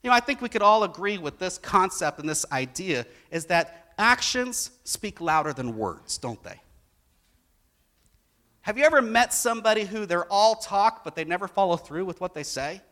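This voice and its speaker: Animated, bright-voiced man preaching. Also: high voice, moderate pace. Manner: animated storytelling, acts out quotes with rising emphasis. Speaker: pastor. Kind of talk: sermon.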